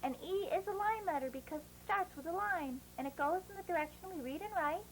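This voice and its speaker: A woman teaching children letter sounds in a phonics lesson, drawing each sound out slowly and coaxing them along. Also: extremely high pitch, a little hiss or hum, low-quality recording.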